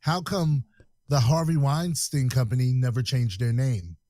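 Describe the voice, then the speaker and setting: A man's voice: medium pitch, measured pace, dark tone, no room sound, clean studio sound. A man co-hosting a casual podcast discussion, matter-of-fact and slangy. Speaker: podcast co-host.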